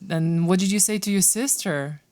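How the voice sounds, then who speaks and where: A woman podcast host interviewing a guest with short, gentle prompting questions. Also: fairly low pitch, normal speed.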